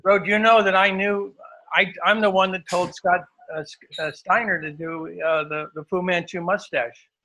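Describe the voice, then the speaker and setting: Halting, bright-voiced man guest. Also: sits high, steady tone, rough recording. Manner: halting, with frequent "uh" fillers and restarts. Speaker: podcast guest. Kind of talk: casual interview.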